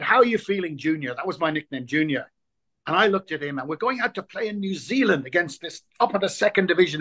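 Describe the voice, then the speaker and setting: A man in his sixties, from Ireland, telling rugby stories as a guest in an interview, acting out the voices of people he quotes and repeating words as he searches for them. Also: on the high side. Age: 60s. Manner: lively raconteur, acts out quoted voices, repeats words when reaching for them. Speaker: guest, former rugby player. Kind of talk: anecdotal interview storytelling.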